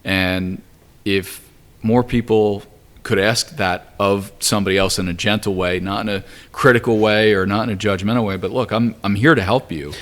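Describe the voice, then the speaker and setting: A man on a podcast as the guest, speaking in a measured way and giving gentle advice. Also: fairly low pitch, steady tone. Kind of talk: casual reflective chat.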